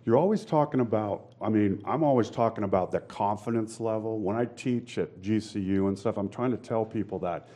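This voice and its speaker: A man's voice: on the low side, brisk, few pauses, mellow. A man hosting an interview in a casual, affirming way. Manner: casual, affirming, frequent backchannel. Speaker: podcast host and teacher. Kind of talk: conversational interview.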